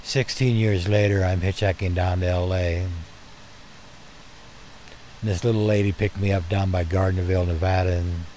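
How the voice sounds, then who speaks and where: An older man telling personal stories in a gentle, heartfelt way, speaking to his listeners as dear friends. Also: deep voice, little pitch movement, normal speed, pauses often, a little hiss or hum. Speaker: storyteller. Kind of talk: personal storytelling.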